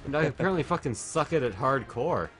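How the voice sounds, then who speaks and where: A man's voice: mid-range voice, animated, fast talker, fairly bright tone, soft background music. A man streaming a video game while drunk, chatting casually, rambling and swearing a lot.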